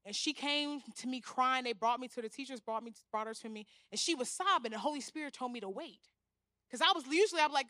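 Young woman, preaching, animated, acts out voices, bright high voice, dry close sound. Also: fast, no room sound. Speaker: guest speaker. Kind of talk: sermon.

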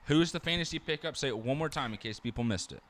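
A man co-hosting a sports-betting podcast, talking quickly and ribbing his partner. His voice is bright and forceful. The delivery is loose, casual chat. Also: a little high. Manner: fast-talking, teasing banter. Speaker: podcast co-host making game picks.

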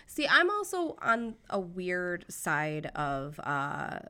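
Outspoken American woman co-host, lower register, casual and profane. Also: huge pitch swings, takes it slowly, sharp tone. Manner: outspoken, swears freely. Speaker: podcast co-host. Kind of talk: casual blunt podcast chat. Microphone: remote call, connection drops.

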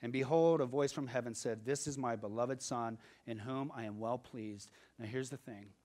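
A male pastor preaching a sermon, moving from quiet asides to loud emphatic passages and acting out quoted voices. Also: mid-range voice, normal speed.

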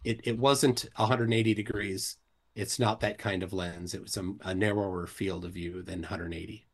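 A man's voice: lowish voice, steady tone, moderate pace. A man in an online debate, insistently repeating his point. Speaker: globe earth debater.

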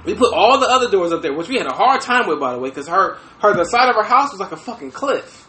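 A man telling a story on a casual podcast, animated and profane, often laughing as he talks. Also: sits high, quick pace, echoey room. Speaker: podcast host. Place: room with fireplace.

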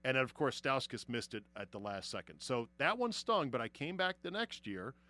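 A man hosting a casual sports chat who tells lively stories, swears freely and laughs often. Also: mid-range voice, moderate pace. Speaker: podcast host.

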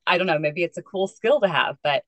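A woman with a notably low voice who chats in a self-deprecating, good-humored way on a casual podcast. The recording is dry and close. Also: animated, a little fast, no room sound, highs cut off. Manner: self-deprecating, chatty, laughs.

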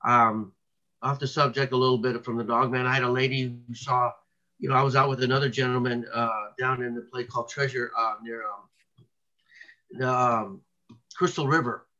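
A man's voice: mid-range voice, steady tone, moderate pace, sharp tone, dull audio. A man being interviewed as a researcher, telling long stories in a rambling way, with many restarts and fillers. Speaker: cryptid researcher guest. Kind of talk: casual interview talk.

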